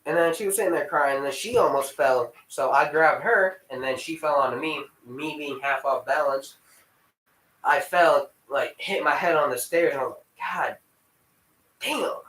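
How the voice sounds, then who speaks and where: A man's voice: on the high side, normal speed, a bit bright, recorded from a distance. A young man telling a rambling personal story in casual vlog style, swearing freely and breaking off to scold his dog. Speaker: vlogger. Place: room at home with dogs. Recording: echoey room.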